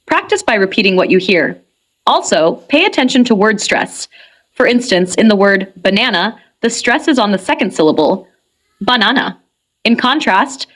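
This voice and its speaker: A woman reading a scripted English lesson for beginners in a clear, measured way. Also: medium pitch. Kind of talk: scripted instructional narration.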